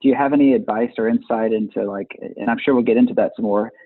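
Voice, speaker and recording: A male podcast host asks long, rambling questions in a relaxed interview. His voice is husky and recorded dry. The sound is thin and tinny, like a phone line. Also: on the low side, quick pace, dry recording. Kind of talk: casual interview.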